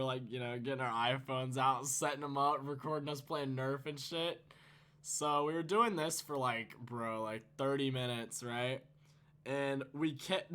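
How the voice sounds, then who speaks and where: A man's voice: a little high, a bit bright. A teenage man telling a storytime vlog, casual and profane, rambling and laughing. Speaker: YouTuber.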